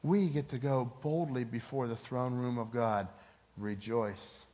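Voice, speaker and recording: A man preaching a sermon. He swings between loud, emphatic peaks and hushed, low phrases, and he stretches key words slowly for emphasis. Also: fairly even intonation, a little hiss or hum. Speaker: pastor.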